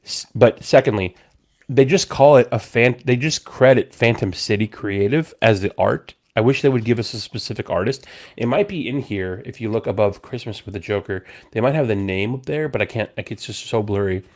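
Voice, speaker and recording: Drunk-ish guy slurring thru a podcast chat, bit low pitched, rambles on. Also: a little fast, darkish tone. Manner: rambling, with restarts and slang. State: tipsy, slurring. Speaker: podcast host. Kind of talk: casual chat.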